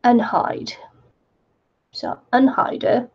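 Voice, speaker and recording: A woman hosting a crafting livestream, chatting casually and laughing often as she reads viewer comments. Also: very slow. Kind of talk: casual chat while crafting. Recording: dull lo-fi stream audio.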